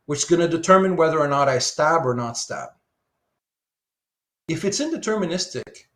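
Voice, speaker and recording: A medium-pitched man gives a live online philosophy lecture, thinking aloud and asking many rhetorical questions as he sketches diagrams.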